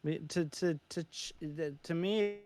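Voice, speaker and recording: A man's voice: fairly high pitch, unhurried, a little mellow, no room sound. A man co-hosting a casual movie review podcast, rambling with many restarts and jokey asides. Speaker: podcast co-host.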